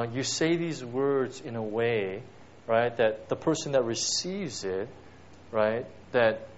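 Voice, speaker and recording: A man's voice: mid-range voice, slight background noise. Male preacher, casual sermon delivery, keeps tossing in "right?", muffled lo-fi recording. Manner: peppers talk with "right?" and "you know". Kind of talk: conversational sermon. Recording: dull lo-fi recording.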